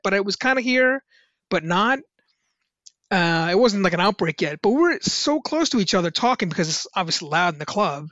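A man's voice: high-pitched, fairly bright tone, dry recording, muffled recording. A man, a musician, telling rambling casual stories with lots of fillers and restarts. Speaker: musician guest on a podcast. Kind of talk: casual anecdotal storytelling.

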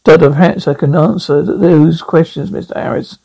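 A man's voice: fairly high pitch, fairly even intonation, brisk, creaky, dark tone, slightly rough, poor audio. A man voicing an eager, resourceful male traveller, reading a script and stumbling over words. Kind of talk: script read aloud.

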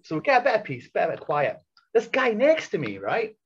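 A man, a podcast guest, telling loud, excitable stories full of swearing and acted-out quotes. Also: sits high, brisk. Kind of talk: animated storytelling. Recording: dull lo-fi podcast audio.

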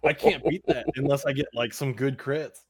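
A man's voice: mid-range voice, steady tone, normal speed, slightly rough. A man playing a tabletop game, joking and fidgety, often laughing. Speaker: player. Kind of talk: casual tabletop play.

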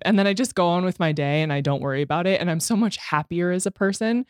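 A woman's voice: lowish voice, fast, clean tone, dry recording, studio quality. A woman guest on a podcast, talking frankly and self-deprecatingly in a candid interview, swearing freely.

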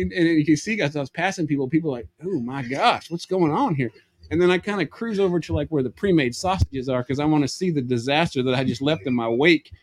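A man, a podcast guest telling a comic story in an animated way, acting out voices and laughing as he goes. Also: a little high, no room sound.

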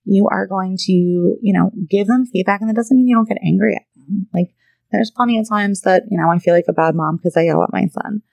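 A woman in her thirties talks in a loose, conversational way, checking in with "right?" and "you know" as she goes. Her mid-range voice carries a heavy gravelly fry, and the recording is dry and close. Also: mid-range voice, fairly quick, a little mellow, no echo, rough recording. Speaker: podcast host and therapist. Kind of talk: casual monologue.

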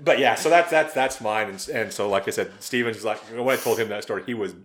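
A man's voice: fairly low pitch, fairly quick. A man hosting a podcast, telling an anecdote in casual chat and swearing freely. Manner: animated storyteller, swears freely. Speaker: podcast host.

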